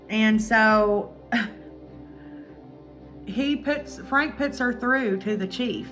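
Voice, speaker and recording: A woman's voice: fairly high pitch, drawn-out words, long pauses, faint music behind. A woman vlogger casually retelling a true-crime documentary, acting out quotes and swearing freely. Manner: chatty, animated retelling with acted-out quotes and swearing.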